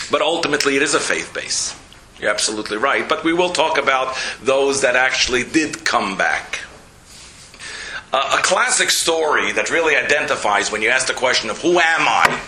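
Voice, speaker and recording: A man, a rabbi, giving a storytelling lecture, animated, jumping his pitch to act out quotes. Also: slight background noise. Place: lecture hall. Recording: roomy lecture hall echo.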